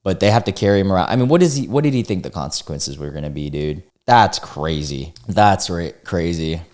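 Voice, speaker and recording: Animated low-voiced male reaction host. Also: fairly quick. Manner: animated, swears freely, exclaims in disbelief. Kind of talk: casual commentary reading forum posts.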